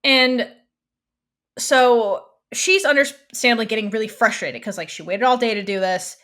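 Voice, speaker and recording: On a podcast, a woman co-host recaps a TV episode in casual conversation, rambling and animated, full of "like"s and restarts. Her voice sits on the high side, and she talks at a normal speed.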